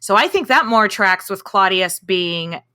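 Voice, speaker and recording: A woman co-hosts a history podcast in loose, irreverent chat, tossing in quick asides. Her voice is bright and forward, with ordinary pitch for a woman. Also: expressive, smooth. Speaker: podcast co-host.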